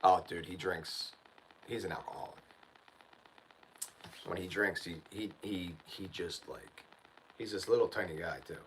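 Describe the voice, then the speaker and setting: Hosting his own channel, a man tells a story in a casual livestream chat, ranting and tossing in "dude" and "man" a lot. His low, slightly bright voice moves at a measured pace with long pauses. The recording is rough, with a little background noise.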